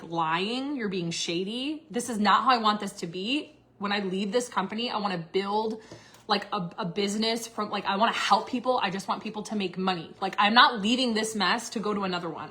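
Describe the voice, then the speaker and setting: A woman in her thirties talks straight to her viewers about something she lived through. She is blunt and swears freely, with "like" in nearly every sentence. Her pitch sits in the middle for a woman, and she gets louder and more agitated as the story goes on. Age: 30s. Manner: candid, swearing, says "like" constantly; grows agitated and loud. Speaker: vlogger. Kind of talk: casual storytelling to camera.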